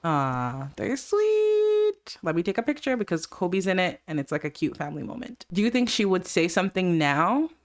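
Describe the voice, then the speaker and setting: A woman's voice: fairly low pitch, very animated, moderate pace, few pauses. A woman hosting a casual let's play, chatting and giggling as she plays and voices her characters' lines. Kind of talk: casual gameplay commentary.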